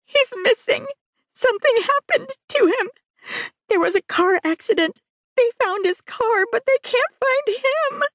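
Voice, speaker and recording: A woman voicing a distraught young woman with a squeaky, high voice in an audiobook. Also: expressive, measured pace, a bit bright, no room sound, studio quality, full character voice. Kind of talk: audiobook character voice.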